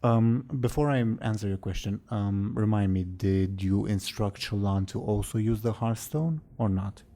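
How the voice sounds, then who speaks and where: A man narrating a tabletop game as its game master, taking his time over each line. His voice is low, dark and gravelly with plenty of fry. He often breaks into soft chuckles and mutters asides to himself. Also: moderate pace. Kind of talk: running a tabletop game online.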